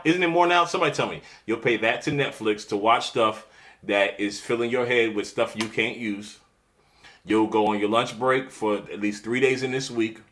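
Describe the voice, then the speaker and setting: Animated man coaching a live-stream audience. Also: on the low side. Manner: animated, laughing, talks straight to chat with preacherly flourishes. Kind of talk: casual live-stream pitch to viewers.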